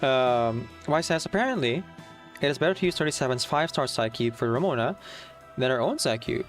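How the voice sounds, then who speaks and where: A man's voice: mid-range voice, lively intonation, brisk. A young man talks casually to his stream audience, reading comments aloud and musing about a game. He sounds a little nervous but chatty, with faint music playing under his voice. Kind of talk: casual live-stream chat.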